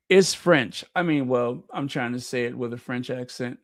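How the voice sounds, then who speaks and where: A man hosts a royal gossip channel, chatting casually, muttering to himself while searching for something and tripping over his words. His voice is medium-pitched and moderately paced, with few pauses. The recording is dry, with clean studio sound.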